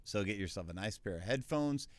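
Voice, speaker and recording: Low-voiced casual man teaching voiceover. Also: expressive, dry recording. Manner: quick, casual, with filler words. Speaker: voiceover tutor. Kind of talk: casual tutorial talk. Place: small home recording space.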